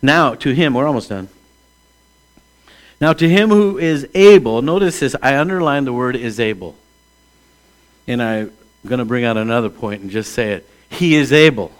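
A man in his sixties, a pastor, preaching a conversational sermon that moves between hushed asides and emphatic calls. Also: mid-range voice, expressive, moderate pace, pauses often. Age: 60s.

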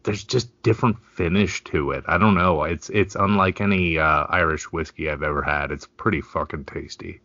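Deep-voiced man with a bright, forceful tone. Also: normal speed, hardly any pauses, dry recording, lo-fi sound. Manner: blunt and swearing. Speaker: podcast co-host. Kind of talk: casual profane chat.

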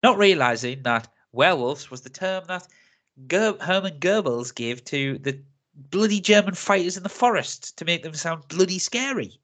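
A man's voice: high-pitched, expressive, normal speed, a bit bright. Chatty man reviewing films. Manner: chatty, laughs often, rants with mock accents. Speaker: film review podcast host. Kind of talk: casual chat.

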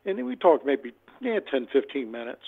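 A man's voice: mid-range voice, very animated, normal speed, gravelly, breathy edge. A man calling in to a radio show and telling rambling stories about scam calls, repeating his words and acting out both sides. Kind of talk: casual phone-in chat, storytelling. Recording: tinny phone line.

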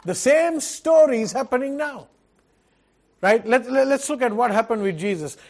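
A man's voice: very high voice, animated, moderate pace, a little mellow. A man preaching a sermon as pastor, earnest, asking rhetorical questions and repeating key phrases.

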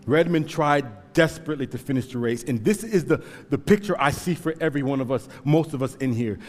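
A man preaching a sermon with passion, swinging from hushed, slow storytelling to loud pleading. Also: medium pitch, animated, long reverb tail. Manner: impassioned, swings from hushed to shouting. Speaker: pastor.

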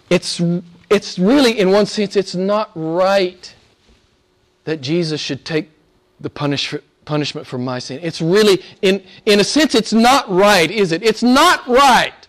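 Preaching in a high-pitched voice, this man throws rhetorical questions at his listeners and leans on repetition to drive points home. His delivery moves from loud, forceful highs to quiet, near-whispered asides.

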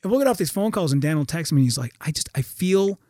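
An excitable man with a high, lively voice spins a story as a podcast guest, jumping between his own voice and quoted lines. His speech swings widely in pitch and he swears freely. The sound is dry and close. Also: fast talker, no room sound. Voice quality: animated, profane storyteller. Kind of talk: casual storytelling.

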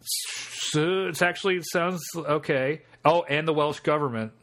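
A man co-hosting a casual podcast, reading a course listing aloud with amused, deadpan asides. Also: fairly high pitch, measured pace. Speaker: podcast co-host.

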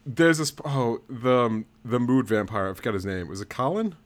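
Male podcast guest, casual, quick to laugh, dry humor. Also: medium pitch, expressive. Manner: laughs often, wry jokes. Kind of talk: casual chat.

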